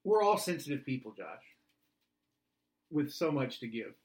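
Speaking at a measured pace, this mid-range-voiced podcast co-host, a middle-aged single father, fields questions in a deadpan comic style. Now and then he breaks into song lyrics or builds up to a shout.

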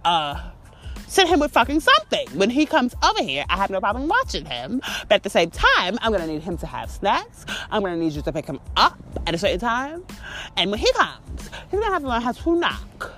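A woman hosting a podcast, telling a story in a heated, profane rant that swings between outbursts and calmer stretches. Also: mid-range voice, a little fast, faint music behind. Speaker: podcast host. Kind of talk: ranting monologue.

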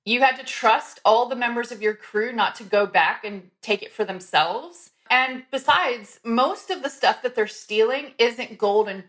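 A woman giving a steady, informal explanation in a casual podcast conversation. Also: a little high, measured pace, hardly any pauses.

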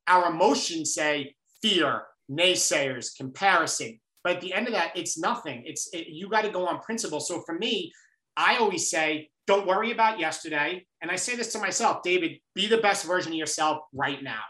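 Guest author with a New York accent, bright and emphatic, in a roomy echo. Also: male voice, fairly high pitch, normal speed. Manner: energetic, preachy, emphatic. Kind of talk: motivational interview talk.

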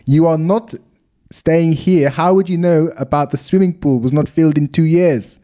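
A man's voice: fairly high pitch, normal speed, warm tone, pitched above the performer's own voice, close to an everyday voice. A man putting on an indignant South African hotel owner. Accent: put-on South African. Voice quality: rolling R's. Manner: stiff, indignant, growing aggressive. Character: defensive male hotel owner answering a bad review.

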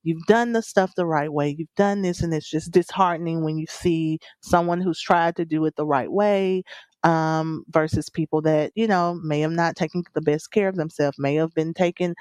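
A woman's voice: low-pitched, steady tone, normal speed, darkish tone, dry recording. A woman telling her own birth story as a podcast guest, earnest and emotional, with many fillers and quoted dialogue. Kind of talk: personal storytelling interview.

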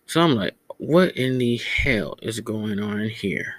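A man's voice: on the low side, lively intonation, slow pace, dry recording. A young man hosting a podcast, rambling casually and profanely, often stumbling over his words. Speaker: podcast host.

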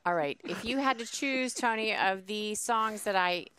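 Female radio producer, clear smooth voice, practical and organizing. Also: medium pitch, moderate pace, pushed and bright. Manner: practical, organizing, laughing easily. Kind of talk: casual radio banter. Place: radio studio.

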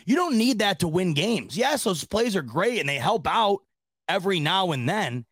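A man's voice: high-pitched, big pitch swings, normal speed, a bit bright, slightly rough, dry recording, studio quality. A man hosting a sports reaction podcast, talking casually in a rambling, exasperated way with lots of restarts and laughter. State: laughing to tears.

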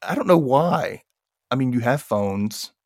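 A man's voice: mid-range voice, unhurried, no echo. A man hosting a podcast, chatting casually through an episode recap and acting out the characters' lines. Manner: animated, acts out characters' lines in raised voices. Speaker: podcast host.

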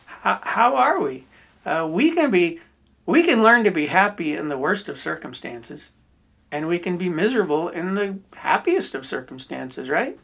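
Gravelly, folksy male podcast host. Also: sits high, sing-song, normal speed, fairly bright tone. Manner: rambling, folksy storyteller with restarts. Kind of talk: casual storytelling chat.

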